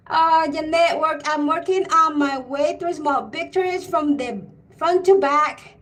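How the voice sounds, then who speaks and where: A middle-aged woman hosts a casual live stream from home, talking in a high voice. She speaks at an easy, slow pace and thinks aloud. She greets her viewers by name. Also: bright, forceful tone.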